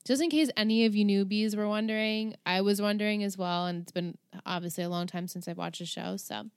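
A woman's voice: mid-range voice, fairly even intonation, brisk, smooth, no echo, studio quality. Chatty giggly woman co-host. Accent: New York. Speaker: podcast co-host. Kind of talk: casual chat.

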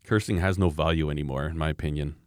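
A man's voice: rumbling low, fairly even intonation, fast talker, clean tone, no echo, studio quality. A man in his thirties co-hosting a casual chat, telling stories in a rambling way with restarts and chuckles. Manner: rambling storyteller, frequent restarts and laughs. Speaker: podcast co-host.

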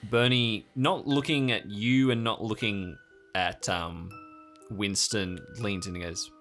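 A man narrating as game master of an improvised tabletop game, loose and quick with fillers. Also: on the low side, steady tone, fairly bright tone, faint music behind.

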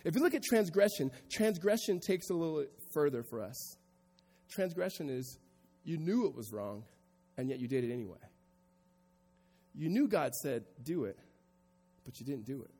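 A man preaching a sermon in a church hall, his slightly high voice trailing a long echo. He drops into quiet, reflective stretches, then climbs into loud, emphatic preaching to the congregation. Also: animated, normal speed, slightly rough, faint music behind. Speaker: pastor.

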